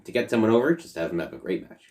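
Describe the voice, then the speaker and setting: A man's voice: fairly low pitch, very animated, racing, darkish tone. A man co-hosting a wrestling podcast, wry and teasing, blunt and given to swearing. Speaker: podcast co-host. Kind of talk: casual wrestling chat.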